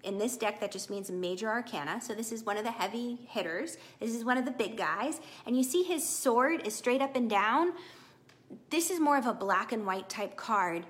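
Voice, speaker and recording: A middle-aged woman with a slightly high voice reads tarot live for her audience at a normal speed. The tone is casual and chatty, and she sounds warm, encouraging and animated, laughing along the way.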